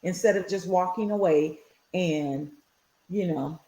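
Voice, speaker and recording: A woman's voice: on the low side, unhurried, dark tone, poor audio. A middle-aged woman co-hosting a podcast, chiming in with short, supportive remarks. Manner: supportive, brief reactions. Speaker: podcast co-host. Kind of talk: casual chat.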